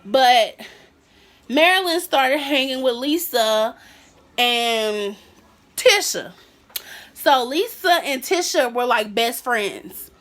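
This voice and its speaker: A young woman telling a casual storytime on her vlog, with a high, bright voice. She is animated and slips into the voices of the people she quotes. Her tone is lively and personal. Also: slow, long pauses. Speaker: vlogger.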